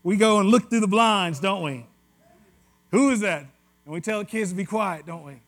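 High-voiced Southern preacher, West Tennessee. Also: male voice, brisk, fairly bright tone. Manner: conversational and joking, with asides to the congregation. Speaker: pastor. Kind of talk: sermon.

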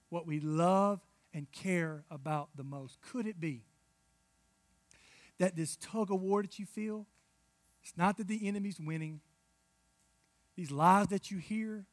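A man in his thirties preaching a sermon, telling stories with big swings from hushed asides to loud outbursts. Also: high voice, no room sound, clean studio sound. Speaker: pastor.

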